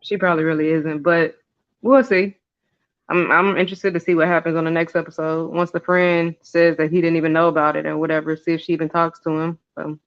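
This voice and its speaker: A man with a high, smooth, resonant voice talks through a TV recap at an easy, thoughtful pace. He hedges often and pauses on "um" before giving his view. The audio is slightly dull and lo-fi. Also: level tone. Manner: thoughtful and hedging, many "um"s and "I don't know"s. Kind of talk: casual recap chat.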